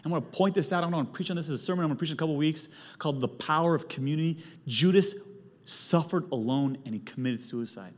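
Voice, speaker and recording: A male pastor delivering a lively sermon, swinging from quiet, intimate stretches to loud, emphatic peaks. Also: on the high side, quick pace. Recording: long hall reverb, faint music.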